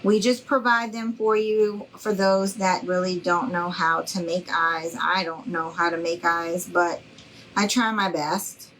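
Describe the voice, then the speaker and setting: Slow-talking woman teaching crafts. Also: lowish voice, level tone, a bit bright, a little hiss or hum, poor audio. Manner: chatty, reassuring, greets viewers by name. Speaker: craft instructor. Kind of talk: live craft tutorial.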